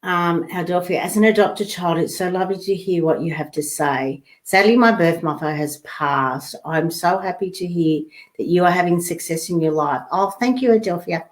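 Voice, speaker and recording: A woman's voice: lowish voice, moderate pace, few pauses. A woman hosting a live online talk, chatting loosely and reading out viewer comments, rambling with fillers and restarts. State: coughing and sneezing at times.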